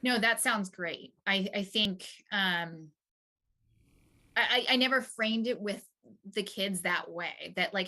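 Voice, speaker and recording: A woman's voice: mid-range voice, slow, sharp tone. A young woman, a mother, talking openly and hesitantly with restarts in a therapy session. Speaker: client mother.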